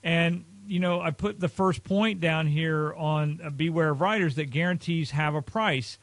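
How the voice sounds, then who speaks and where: A man's voice: fairly high pitch, normal speed, no echo. A man talking viewers through a financial topic in an earnest, emphatic way, with frequent uh and you know fillers. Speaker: financial advisor presenting a video series. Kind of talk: explanatory talk to camera.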